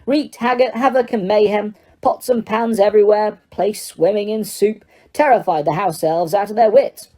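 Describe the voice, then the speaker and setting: A woman's voice: medium pitch, moderate pace, few pauses, mellow, pitched above the performer's own voice, natural voice. A woman voicing a fussy, genteel male ghost who is chatty and a little pompous, in an audiobook reading. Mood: prim. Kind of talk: audiobook character voice.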